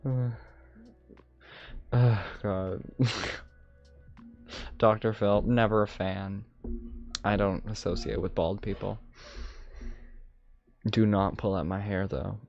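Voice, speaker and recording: In slightly dull stream audio with faint music behind him, a man plays an ancient, mischievous dragon mage with a lisp and a put-on dragonish accent. His voice sits on the low side, slow and a little mellow, with fairly even intonation and frequent pauses as he rambles playfully, tossing in self-amused asides.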